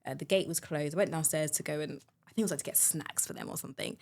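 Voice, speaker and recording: A woman hosting a podcast, a mother telling a personal story in a chatty, animated way. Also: deep voice, racing. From United Kingdom. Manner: chatty, animated storyteller, many fillers and restarts. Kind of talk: conversational storytelling.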